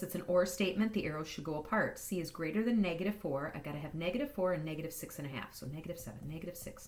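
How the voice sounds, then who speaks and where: In a recorded lesson, a woman math teacher works through inequality problems, talking fast in an upbeat, playful way. Her voice sits on the low side.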